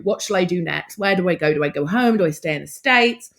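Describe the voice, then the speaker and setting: A middle-aged woman, a podcast guest telling her story in a lively, expressive way and acting out past conversations. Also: lowish voice, quick pace.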